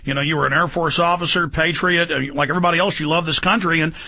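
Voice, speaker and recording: A man hosting a talk radio interview in a studio, rambling and forceful with many fillers. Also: on the high side, steady tone, fast talker, gravelly. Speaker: radio host.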